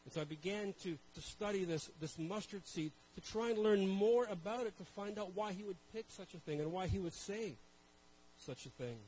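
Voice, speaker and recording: A man from Canada preaches to a congregation, speaking in a fairly high voice. He tells a personal story in a loose, conversational way, turns to the crowd with questions and makes fun of himself. A faint hum sits under the recording. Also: normal speed, a little mellow, poor audio. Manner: conversational, self-deprecating, addresses audience directly.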